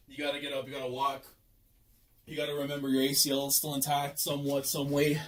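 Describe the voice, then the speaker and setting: A young man hosting an emotional reaction review of a comic chapter, excitable and slangy, swinging from hushed murmurs to near shouts. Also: medium pitch, quick pace. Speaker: channel host reviewing a manga chapter.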